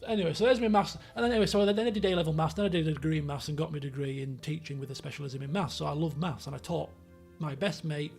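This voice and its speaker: Animated man with a high, gravelly voice. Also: fast talker, few pauses, soft background music. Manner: animated, rambling anecdotes with acted-out quotes. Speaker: streamer. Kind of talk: casual storytelling on a live stream.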